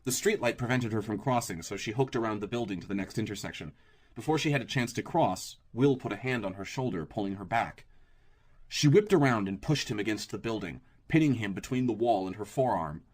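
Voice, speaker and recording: A man narrating an audiobook in a steady, even storytelling manner. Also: lowish voice, fairly quick.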